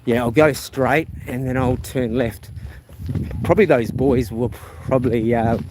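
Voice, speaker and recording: A man's voice: mid-range voice, measured pace. Rambling New man streaming outdoors. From New Zealand. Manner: rambling, chatty, reads viewer comments aloud. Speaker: live streamer. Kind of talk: casual walking live stream. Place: outdoors on a rural path. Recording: outdoor noise with passing vehicles. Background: outdoor ambience, animals, vehicles.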